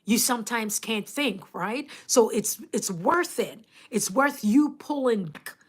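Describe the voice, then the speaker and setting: A woman's voice: on the high side, measured pace, husky. Chatty Jamaican woman livestreaming. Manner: chatty and animated, laughing often, greeting viewers. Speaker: YouTube coach and livestream host. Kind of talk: casual livestream chat.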